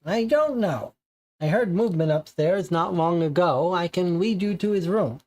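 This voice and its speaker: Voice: lively intonation, moderate pace, a little mellow, lightly acted. A game reader voicing an elderly, chatty landlady in a read-aloud board game. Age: older. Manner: chatty, raised pitch.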